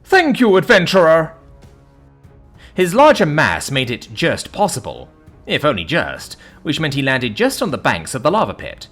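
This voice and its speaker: A man narrating a first-person story in a lively, dramatic reading style. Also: mid-range voice, moderate pace, faint music behind.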